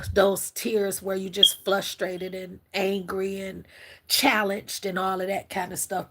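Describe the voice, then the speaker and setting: Husky, teary woman. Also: medium pitch, a bit bright. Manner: emotional, preacherly, talks straight to viewers. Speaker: spiritual livestream host. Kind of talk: casual spiritual livestream talk.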